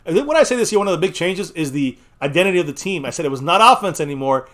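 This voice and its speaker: A man co-hosting a live football watch party whose voice is going hoarse, reacting loudly to plays and swearing in casual chat. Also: fairly high pitch, very fast. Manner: excitable, loud outbursts at big plays, swears. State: voice getting hoarse. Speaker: co-host of a fan watch-party stream.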